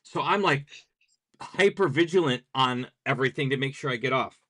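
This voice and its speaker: An American man with a mid-range voice, chatting in an interview. He tells his stories in a lively, anecdotal way and slips into short acted-out bits of conversation. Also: mid-range voice, moderate pace. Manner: lively anecdotal, acts out quoted dialogue. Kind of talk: conversational storytelling.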